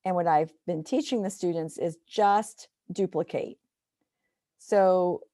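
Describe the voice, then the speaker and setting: A woman's voice: lowish voice, slow pace, warm tone, dry recording, studio quality. A woman teacher walking through a screen-share tutorial step by step, explaining patiently.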